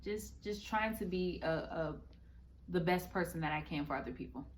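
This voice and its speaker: A woman's voice: on the low side, moderate pace, a little hiss or hum. A young adult woman, a guest author, chatting casually in an interview, upbeat with frequent ums and restarts.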